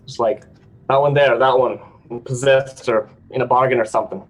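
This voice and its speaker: A man's voice: mid-range voice, steady tone, moderate pace, poor audio. A man playing a tabletop game, talking hesitantly with many fillers. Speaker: player. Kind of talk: casual tabletop play.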